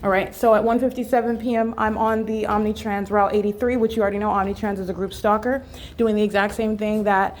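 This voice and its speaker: A woman's voice: medium pitch, fairly even intonation, fast, a little mellow, slight background noise. A woman filming outdoors near an apartment building, talking in an insistent, repetitive, accusatory monologue full of fillers. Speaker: vlogger.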